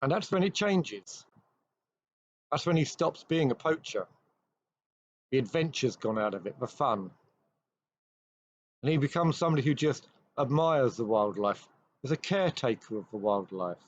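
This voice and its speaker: A man hosting a show, retelling an old ghost story with measured pacing and dramatic pauses. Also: mid-range voice, lively intonation, slight background noise. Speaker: host. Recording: dry, slightly dull recording.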